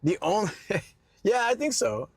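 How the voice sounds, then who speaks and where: A man's voice: high-pitched, animated, unhurried, vocal fry, slightly rough, dry recording. A Scottish man live-streaming, chatting casually with his viewers in a rambling, filler-heavy way and laughing easily. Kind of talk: casual live-stream chat while driving.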